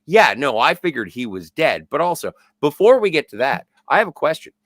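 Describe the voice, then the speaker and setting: A man's voice: fairly high pitch, big pitch swings, fairly quick, a bit bright, dry recording. A man co-hosting a podcast, chiming in with jokey asides during casual movie chat. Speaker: podcast co-host.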